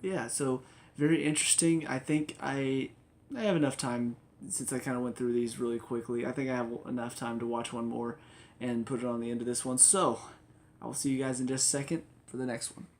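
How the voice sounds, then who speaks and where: A man rambles through a casual review of TV episodes in a chatty, enthusiastic way. His pitch sits in the middle of the male range. Faint noise hums underneath. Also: steady tone, fairly quick, a little mellow. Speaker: TV review vlogger.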